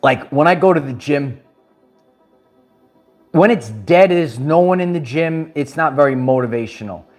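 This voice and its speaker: A man's voice: fairly high pitch, animated, measured pace, pauses often, soft background music. A man from Brooklyn, talking to his viewers in an emphatic, preachy way and repeating his phrases. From Brooklyn, New York. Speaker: spiritual empowerment vlogger. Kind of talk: livestream motivational talk.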